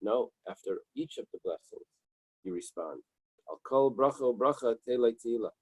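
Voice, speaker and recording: His mid-range voice is husky and darkish, with lively intonation at normal speed, heard in a low-quality, echo-free recording. The man teaches dawn Talmud study in a small synagogue room, reading Hebrew and Aramaic, translating simply, and checking in with "right?" and "okay".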